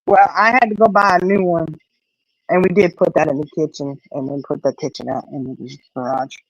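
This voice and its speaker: A woman's voice: deep voice, fairly quick, no echo, highs cut off. A middle-aged woman hosting a casual live stream, telling a story animatedly and acting out the voices of the people in it. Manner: animated storyteller, acts out quoted voices, frequent "you know".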